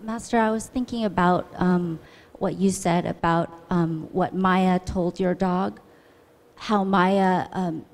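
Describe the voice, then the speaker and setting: A woman's voice: fairly low pitch, steady tone, takes it slowly, a little mellow, long reverb tail. A woman disciple hesitantly asking her teacher a question, with frequent fillers.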